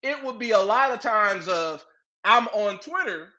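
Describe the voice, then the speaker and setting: A man's voice: high-pitched, measured pace. A man co-hosting a podcast, chatting casually about wrestling and telling stories with mocking impressions. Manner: animated storytelling with mocking impressions. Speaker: podcast co-host. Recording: muffled lo-fi audio.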